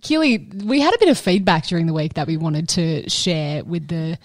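A woman's voice: low voice, expressive, moderate pace, no room sound, studio quality. A woman hosting a sports podcast with other women, chatty and upbeat. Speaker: podcast host. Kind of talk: casual chat.

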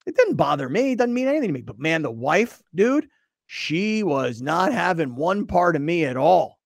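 A man hosting a podcast, his voice sitting high for a man. He tells stories in an animated, casual way and acts out what others said. The studio sound is close and dry. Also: normal speed, vocal fry, dry recording. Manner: animated storytelling, mimics voices. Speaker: podcast host. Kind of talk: casual chat.

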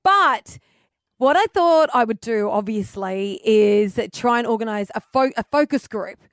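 A woman's voice: on the high side, animated, measured pace, clean tone, dry recording, studio quality. A woman co-hosting breakfast radio, telling a story in a chatty, laughing way. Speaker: radio co-host. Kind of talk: casual breakfast radio chat.

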